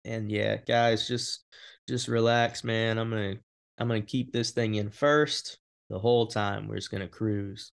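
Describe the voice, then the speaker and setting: A man's voice: lowish voice, fairly even intonation, measured pace, gravelly. A man hosting a podcast, upbeat and teasing, with joking asides in casual talk. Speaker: podcast host.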